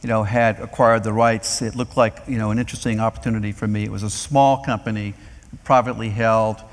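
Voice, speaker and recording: A man's voice: lowish voice, level tone, brisk. A middle-aged man from North Carolina, a medical device executive, answering interview questions conversationally before a live audience, with frequent fillers. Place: lecture hall with audience. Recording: long hall reverb.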